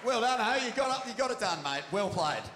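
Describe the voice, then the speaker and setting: A man's voice: very high-pitched, big pitch swings, brisk, big-room sound, a crowd in the background, noisy background. A man on a live panel, bantering and teasing playfully.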